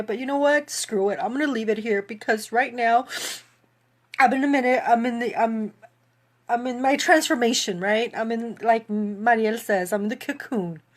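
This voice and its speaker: A woman's voice: fairly high pitch, moderate pace. A woman fitness coach speaking to viewers in a casual live video chat, emotional, tearful and laughing as she talks.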